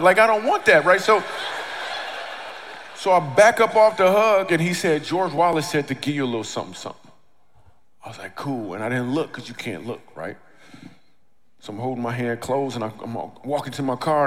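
A middle-aged man on stage doing stand-up storytelling, animated, acting out the lines of the people in his story. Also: mid-range voice. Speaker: comedian and speaker. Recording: long reverb of a large hall.

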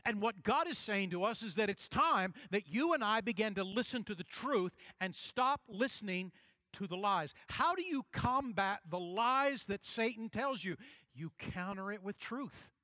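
High-voiced man preaching emphatically. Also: expressive, pushed and bright, dry recording, clean studio sound. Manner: emphatic, repeats key phrases, slows down for stress. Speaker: pastor. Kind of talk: sermon.

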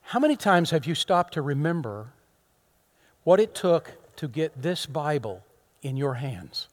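A middle-aged man preaching a sermon to his congregation, swinging from loud, impassioned rises to soft, near-whispered asides. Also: fairly high pitch, sing-song, unhurried. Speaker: pastor.

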